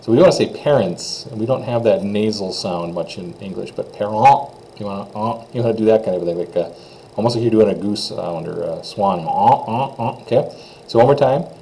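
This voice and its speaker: A man teaching French pronunciation, saying phrases slowly for students to repeat and explaining the sounds in plain, encouraging words. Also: on the low side, mellow, a little hiss or hum, low-quality recording. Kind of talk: classroom pronunciation lesson.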